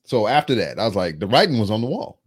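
Animated, foul-mouthed man telling a story. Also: fairly low pitch, fast, husky. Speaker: podcast co-host. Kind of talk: casual chat.

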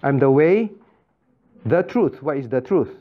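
A man's voice: mid-range voice, expressive, measured pace. A man pastor teaching an interactive Bible class, who stresses key words, repeats himself and quizzes his listeners with "right?". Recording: tinny phone-like sound.

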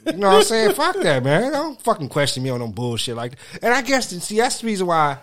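A man's voice: sits high, wildly swooping pitch, quick pace. Ranting, foul-mouthed man podcast host. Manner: loud, ranting, swears heavily. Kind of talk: casual profane chat.

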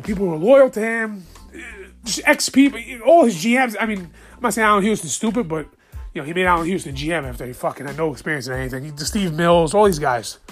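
A man in his thirties from the New York area delivers a profane, blunt sports rant on a casual podcast. His voice sits high for a man. Faint music plays quietly beneath him.

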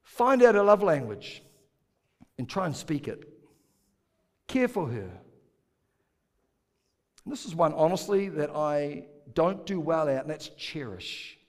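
Male pastor, sermon delivery, playful with the crowd, slightly higher voice, long hall reverb. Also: sing-song, slow pace, long pauses, a little mellow. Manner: playful, jokes with congregation, asks them to repeat words.

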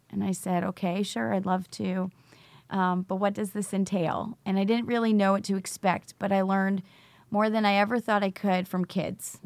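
A middle-aged woman, a teacher who founded a recovery school, tells her story in an interview and acts out the dialogue along the way. Her voice is medium-pitched, with no room sound.

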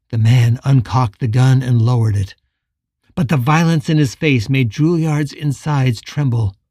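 A man reading a western novel chapter aloud as an audiobook narrator, measured and dramatic. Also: a little high, a little mellow, no echo, studio quality. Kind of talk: scripted narration.

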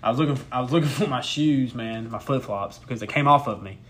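A young podcast co-host talks fast in a mid-range, fairly bright voice, with a little hiss or hum in the audio. He laughs his way through a rambling, profane story during casual chat.

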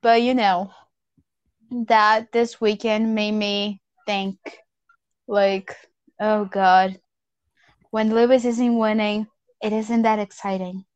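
A woman chatting at an unhurried pace, rambling and swearing freely as she vents. Her voice sits at a middle pitch. The recording is dry and close. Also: fairly even intonation, clean tone, no room sound, muffled recording. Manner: rambling, frank and profane, self-styled hater. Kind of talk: casual chat about motor racing.

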